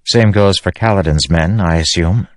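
A man's voice: low-pitched, moderate pace, no echo, clean studio sound, natural voice. A man voicing a teasing, bossy young woman who is an illusionist, in an audiobook. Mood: brisk teasing.

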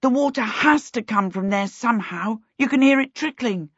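A woman's voice: on the high side, normal speed, a bit bright, husky, dry recording, highs cut off, pitched above the performer's own voice. A woman voicing a harassed young boy who chatters eagerly.

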